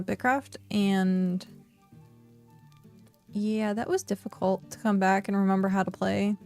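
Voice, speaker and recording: A woman's voice: mid-range voice, vocal fry, darkish tone. A woman streaming a game, chatting casually, talking to herself and reading chat aloud. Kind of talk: casual live-stream chat while gaming.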